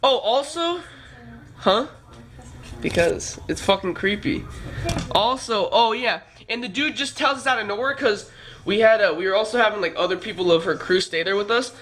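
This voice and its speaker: High-voiced young man ranting. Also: normal speed, fairly bright tone. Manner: rambling, profane, filler-heavy retelling. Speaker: vlogger. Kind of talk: casual storytelling. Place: California trip, downtown L A.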